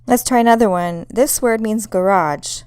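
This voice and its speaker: Woman teacher going over pronunciation, slow and patient, mellow smooth voice. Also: medium pitch. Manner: clear, patient, demonstrates sounds slowly. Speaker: language teacher. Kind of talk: pronunciation lesson.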